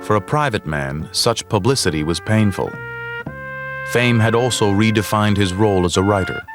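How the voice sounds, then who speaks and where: A man giving measured, scripted documentary narration. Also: fairly low pitch, over music.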